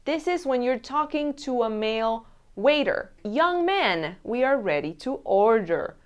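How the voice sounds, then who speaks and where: A woman teaching a language lesson, saying each travel phrase slowly and clearly and repeating it. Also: on the high side, animated. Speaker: Spanish teacher.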